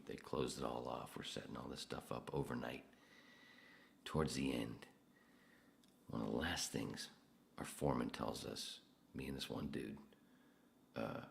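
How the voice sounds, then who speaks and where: A man's voice: a bass voice, gravelly, fairly bright tone, a little hiss or hum. A man hosting a podcast, telling rambling, profanity-laced stories in a casual way. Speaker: podcast host. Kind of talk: casual storytelling.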